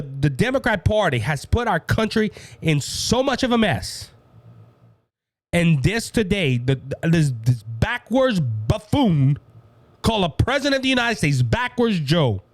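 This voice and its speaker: A fired-up Cajun man hosting a political talk show. His pitch sits high and swings widely as he preaches to his listeners. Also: dry recording. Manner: fired-up, preachy, keeps saying "ladies and gentlemen".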